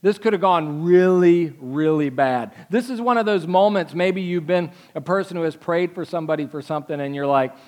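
A man preaching a sermon as pastor, animated and conversational, acting out quotes from the story. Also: a little high, moderate pace, hardly any pauses.

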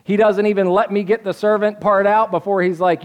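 A man preaching a sermon as pastor in a casual, conversational way, often pausing to let the congregation fill in the answer. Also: high voice, fairly even intonation.

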